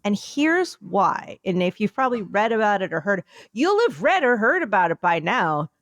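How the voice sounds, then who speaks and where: A woman co-hosting a podcast, chatting casually and telling a rambling, animated story. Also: medium pitch, moderate pace, no echo. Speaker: podcast co-host. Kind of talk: casual chat.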